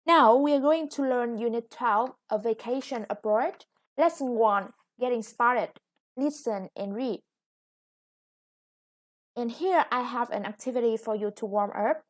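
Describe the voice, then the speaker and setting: A woman's voice: on the high side, a little slow. A woman English teacher with a Vietnamese accent, explaining a lesson patiently. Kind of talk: recorded classroom lesson.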